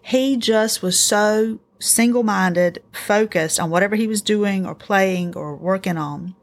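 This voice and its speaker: A middle-aged woman hosting a casual faith-based parenting talk, earnest and encouraging, telling family stories in an animated way. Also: medium pitch, a little slow. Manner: earnest, encouraging, animated storytelling with acted quotes. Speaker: podcast host.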